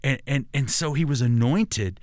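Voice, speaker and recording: An older pastor with a Texan accent speaks as a podcast guest, earnest and reflective, often restarting and repeating words as he goes. His voice sits at an ordinary pitch for a man. The sound is close and dry, as from a studio mic. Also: moderate pace, a little mellow, no echo. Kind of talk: conversational storytelling.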